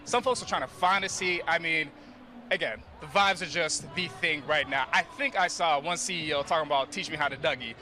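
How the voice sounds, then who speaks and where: A man reporting live from a keynote hall, excited and energetic. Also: a little high, a little fast, slight background noise. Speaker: event correspondent.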